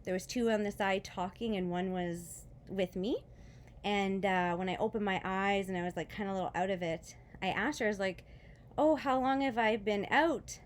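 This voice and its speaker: A woman speaks in a casual vlog, telling a personal faith story. She is tearful and rambling, with fillers and restarts, and laughs softly between words. Her voice sits at an ordinary middle pitch, with a faint hum of room ambience behind her. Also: steady tone, a little fast. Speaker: vlogger.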